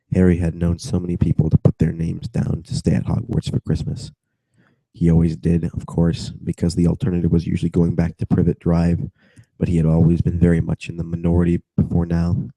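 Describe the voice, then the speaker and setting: A man's voice: low-pitched, creaky, mellow, husky, dry recording, poor audio. A young man with a cold casually reads a book aloud over video chat, drifting into giggly tangents and mumbled asides. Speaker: reader.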